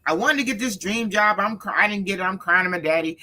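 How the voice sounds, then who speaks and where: A woman guest chatting about her family with animated storytelling, playing out each quote as she goes. Her voice is bright and clear. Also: medium pitch, fast. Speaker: author guest. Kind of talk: casual storytelling chat.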